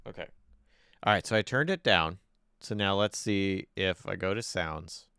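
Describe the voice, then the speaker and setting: A male streamer talks casually into a desk microphone, thinking out loud and grumbling as he adjusts his settings. His voice sits a bit low and sounds smooth and clean. The sound is dry and close. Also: unhurried, dry recording. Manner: fiddling with mic settings, thinking aloud, frustrated. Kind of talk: casual live-stream chat.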